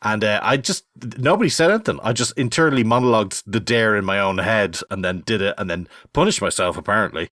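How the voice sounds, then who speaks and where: A middle-aged man hosting a casual podcast chat, telling lively stories. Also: on the low side, quick pace, few pauses, dry recording, clean studio sound. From Ireland. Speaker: podcast host.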